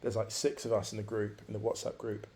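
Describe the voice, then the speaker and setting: Guy around forty, deep gravelly voice, musing guest story, repeats himself for emphasis. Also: flat delivery, quick pace, dark tone. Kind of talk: reflective conversational storytelling.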